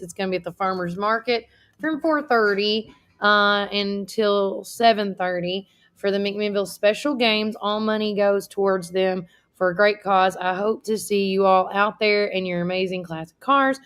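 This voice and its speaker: A woman's voice: mid-range voice, fairly bright tone, clean tone. Chatty woman co-host. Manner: chatty storyteller, reads listener comments aloud. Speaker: radio co-host. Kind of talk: casual live-stream chat.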